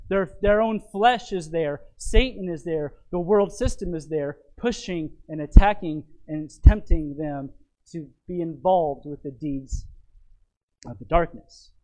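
A man's voice: high voice, a little mellow, low-quality recording. A man preaching a sermon, repeating key phrases for emphasis and asking rhetorical tag questions of his listeners.

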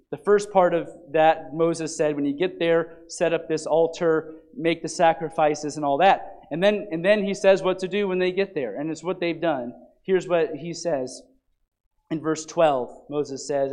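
A man preaching to his church, reading scripture and stressing points with loud, animated emphasis and frequent restarts. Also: high-pitched. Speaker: pastor. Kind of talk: sermon.

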